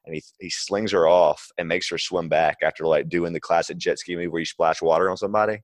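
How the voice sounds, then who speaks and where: Super deep voiced young guy, laid back podcast chat, dry mic. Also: steady tone, brisk, no echo. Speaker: podcast co-host. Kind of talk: casual chat.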